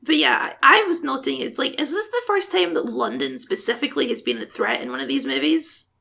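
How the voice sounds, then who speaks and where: A woman's voice: high-pitched, big pitch swings, fairly quick, creaky, pushed and bright. A woman co-hosting a podcast, making wry, playful comments on a film and mimicking sound effects. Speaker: podcast co-host. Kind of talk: casual film recap chat.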